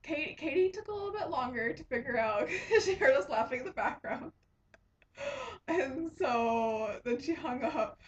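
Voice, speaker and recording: A woman's voice: high voice, expressive, normal speed, a little hiss or hum. A young woman hosting a casual knitting podcast, telling a rambling story with lots of giggles and restarts. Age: young adult. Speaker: podcast host and resident assistant. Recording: dull lo-fi home recording.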